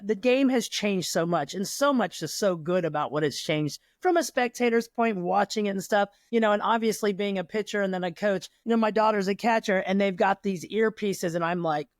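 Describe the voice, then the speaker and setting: Middle-aged woman host, casual and rambling, mid-pitched, dry close mic. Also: a little fast, few pauses, no echo. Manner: rambling, lively storytelling with quoted dialogue. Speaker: podcast host, former pitcher and coach. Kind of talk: casual interview chat.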